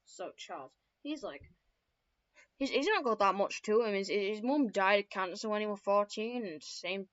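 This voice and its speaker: A young woman tells her own story lore casually at a moderate pace, her medium-pitched voice lively in intonation. She is profane and rambling, with many fillers and self-corrections, captured in a dull lo-fi recording.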